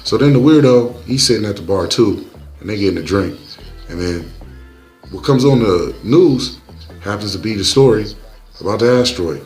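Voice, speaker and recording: A young man with a lowish voice tells a movie's story in loose, slangy, joking recap style. Soft music sits faintly underneath his narration. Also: lively intonation, moderate pace.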